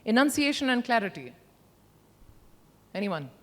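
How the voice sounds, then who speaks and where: A woman's voice: on the high side, unhurried. A middle-aged woman leads an interactive workshop talk, leaning hard on certain words and shaping her voice to show what she means. Her voice rings out through a large conference hall with a long reverb. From India. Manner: expressive, emphatic, demonstrates with her voice. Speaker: conference speaker.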